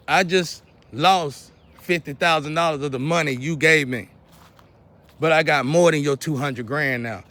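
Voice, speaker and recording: A man, lecturing and scolding his viewers in a preachy monologue, often clearing his throat. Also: fairly high pitch, bright, forceful tone. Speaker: vlogger.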